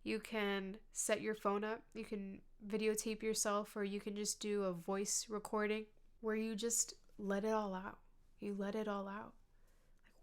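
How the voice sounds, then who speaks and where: A woman hosting a podcast, speaking in an earnest, gentle self-help monologue that sometimes sinks to a soft whisper. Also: medium pitch, fairly even intonation, a little slow, clean tone. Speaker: podcast host.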